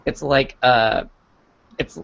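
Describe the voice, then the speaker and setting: A man's voice: mid-range voice, fairly even intonation, takes it slowly, gravelly, a bit bright, muffled recording. A man on a book club panel, chatting playfully and joking. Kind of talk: casual chat.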